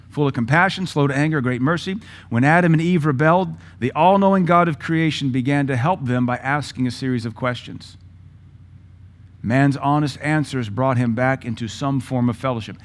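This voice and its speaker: Middle-aged male pastor, emphatic sermon delivery in punchy bursts. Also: medium pitch. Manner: emphatic, punchy lists of words.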